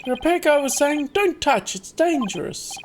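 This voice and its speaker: A woman voicing an excitable, goofy young man who talks brashly and yells. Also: high voice, moderate pace, slight background noise, voice pushed up. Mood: chatty. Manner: brash, yelling.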